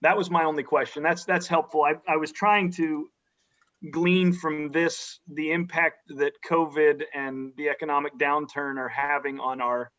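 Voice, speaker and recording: A man on a county board asking careful, measured questions in a public meeting, often restarting his sentences. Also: a little high, fairly even intonation, fairly bright tone. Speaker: county supervisor. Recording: dull lo-fi meeting audio.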